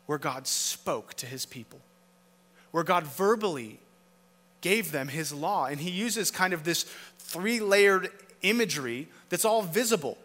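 Male pastor, slightly high and sharp-toned, emphatic sermon delivery, long hall reverb. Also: expressive, a little slow. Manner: emphatic, rhetorical questions, swings from loud to hushed.

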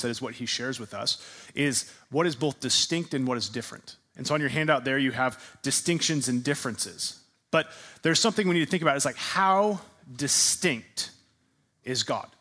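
Male pastor, mid-pitched voice, teaching a class sermon. Interactive and emphatic, fires questions at listeners. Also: normal speed, a bit bright. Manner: asks the audience questions and repeats their answers; emphatic, leans into repeated words.

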